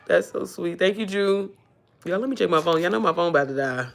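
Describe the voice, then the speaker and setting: A woman's voice: mid-range voice, quick pace, vocal fry, fairly bright tone. A woman, chatting in a rambling, emotional way on a livestream, swearing freely. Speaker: livestream host. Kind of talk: casual livestream chat.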